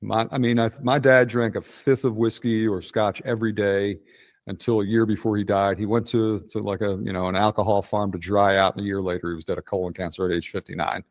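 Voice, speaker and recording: A man in his sixties speaks in a Philadelphia accent, low-pitched and blunt. He rambles through stories and swears freely, the way people talk in a loose chat. The sound is dry and close, with no room around it. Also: little pitch movement, fairly quick, no room sound. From Delaware County, Pennsylvania. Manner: blunt, rambling storyteller who swears often. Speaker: interview guest. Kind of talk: casual profane conversation.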